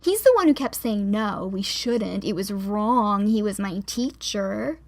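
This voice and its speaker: Brief: woman narrator doing an angry, defensive young woman in an audiobook, sharp-tongued, slow and a little high. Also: big pitch swings. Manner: sharp, lashing out.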